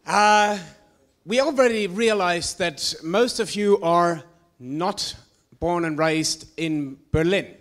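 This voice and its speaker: A man's voice: high voice, takes it slowly, a bit bright. A man hosting a demo day, making casual jokes and introducing the next presenter. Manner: casual, jokey, builds up the next speaker. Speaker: event host.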